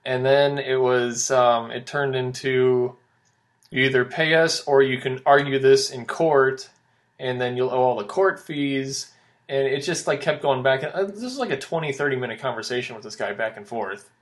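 A man's voice: mid-range voice, normal speed. Casual male podcast host, rambling storyteller. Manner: rambling storytelling with many fillers.

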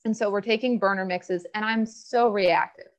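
A woman guest in a casual interview, telling her health story candidly with quick asides. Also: medium pitch, steady tone. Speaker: podcast guest. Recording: slightly dull lo-fi audio.

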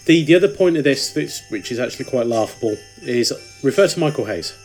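A British man co-hosting a casual podcast, speaking at an ordinary middle pitch. His commentary is dry and sarcastic. Faint music plays behind him. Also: animated, brisk, darkish tone. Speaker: podcast co-host. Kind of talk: casual chat.

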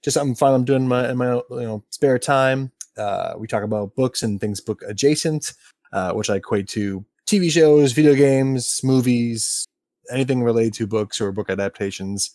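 A man's voice: medium pitch, moderate pace, a little mellow, dry recording. A man, a book-review video maker, chatting easily as a podcast guest. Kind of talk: casual interview chat.

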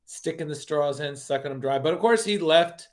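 A podcast co-host with a slightly high voice and moderate pace rambles through a horror comic in a casual review chat. He uses many fillers and restarts, acting out quotes as he goes.

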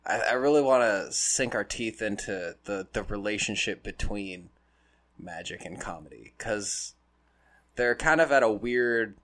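A man co-hosting a podcast in casual chat, trading quick jokes and laughing often. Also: on the low side, a bit bright. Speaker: podcast co-host.

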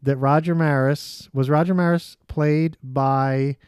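A man co-hosting a podcast in casual chat, chatty and rambling, quick to laugh. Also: fairly high pitch, fairly even intonation, a little mellow, smooth, no echo, clean studio sound. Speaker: podcast co-host.

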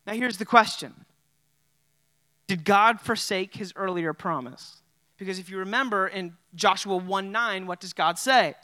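High, bright-voiced male pastor. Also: measured pace, dry recording. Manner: casual and conversational, with many "like" and "you know" fillers. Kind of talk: sermon.

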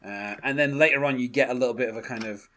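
A man's voice: mid-range voice, quick pace, fairly bright tone, a little hiss or hum. A man co-hosting a casual music podcast, talking loosely with many fillers and little laughs. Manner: chatty, many fillers, reads lyrics aloud. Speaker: podcast co-host.

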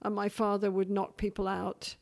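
A middle-aged English woman from England, chatting as a guest in an interview and telling stories with lively shifts of voice. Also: mid-range voice, normal speed. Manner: animated storytelling, shifting between voices. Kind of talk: casual interview chat.

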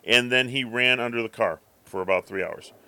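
A man's voice: medium pitch, normal speed, pushed and bright, smooth, no room sound. A man co-hosting a podcast, telling a rambling story in casual chat and acting out his cat's thoughts. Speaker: podcast co-host.

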